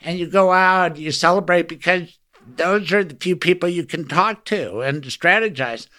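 A man's voice: high voice, normal speed, sharp tone. A man hosting a lawyers' podcast, chatting enthusiastically with his guest in a casual interview. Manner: enthusiastic, talkative.

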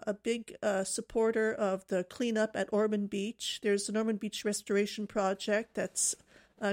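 A woman's voice: medium pitch, darkish tone. A woman co-hosting a live radio talk show, telling stories in a chatty way with many fillers.

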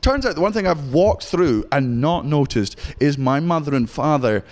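A Scottish man in his thirties, a stand-up comedian in interview who talks in a profane, rapid storytelling way. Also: fairly high pitch, animated, a little mellow, big-room sound. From Scotland. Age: 30s. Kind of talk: candid interview chat.

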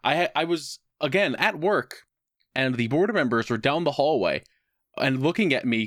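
A man on a podcast, telling a personal story in casual chat with a wry tone and quick put-on voices for other people. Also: on the high side, lively intonation, no echo, clean studio sound. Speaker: podcast co-host.

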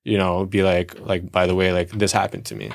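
A man's voice: low-pitched, level tone, fairly quick, creaky. A man co-hosting a podcast, talking through relationship advice in a reflective, casual way with everyday examples. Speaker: podcast co-host. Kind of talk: casual chat.

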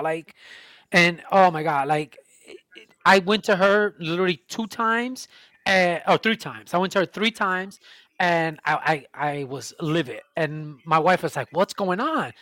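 A man's voice: sits high, moderate pace, fairly bright tone, dry recording. Profane ranting man. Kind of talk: casual chat.

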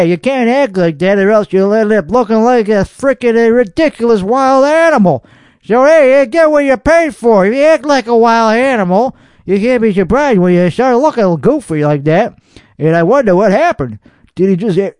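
High-voiced sarcastic man grumbling solo. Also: a little mellow, no room sound, clean studio sound. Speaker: podcast host reacting to online videos. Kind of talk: casual solo reaction commentary.

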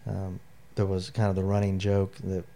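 Middle-aged guy, kinda low voice, candid army veteran story, close to tears, lots of "you know". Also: completely flat delivery, moderate pace, creaky, mellow. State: near tears. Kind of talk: emotional personal storytelling in an interview.

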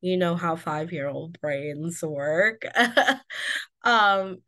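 Chatty woman podcaster, slightly low voice. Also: very slow, bright, forceful tone. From Indiana, USA. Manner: bubbly, chatty, candid. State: recovering from illness, slightly congested. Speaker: podcast host. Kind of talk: casual solo podcast chat.

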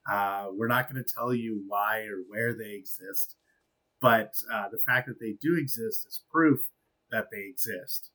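A man's voice: on the low side, unhurried, sharp tone, rough recording. An evasive spokesman for a secret order talks around every question in a mock-official tone, as a man on a podcast puts him on. He sounds like an ordinary adult man and never gives a straight answer. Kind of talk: casual podcast bit.

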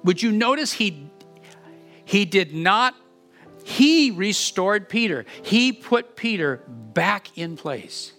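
Earnest bright-voiced male pastor preaching. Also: sits high, very animated, slow, soft background music. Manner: earnest, repeats words when building emphasis. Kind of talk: sermon with closing prayer.

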